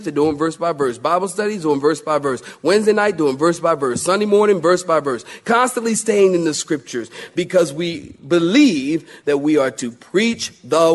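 A male pastor preaching a sermon with emphatic repetition and animated storytelling. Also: high-pitched.

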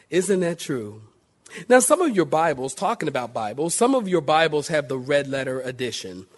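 Animated high-pitched male preacher. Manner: animated, swings from loud emphasis to quiet intimacy; addresses congregation with questions and calls for amen. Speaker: pastor. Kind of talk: sermon.

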